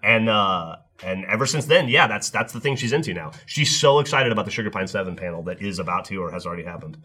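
A man's voice: on the low side, expressive, fast, pushed and bright, breathy edge. A man hosting a casual group podcast, telling stories, quoting others and swearing freely. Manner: storytelling, quotes others in voices, swears freely. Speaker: podcast host.

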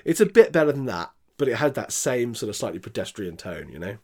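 A man's voice: mid-range voice, big pitch swings, a little mellow. Hesitant man reviewing films. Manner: hesitant, many fillers, measured verdicts. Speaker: podcast co-host. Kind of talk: casual film review chat.

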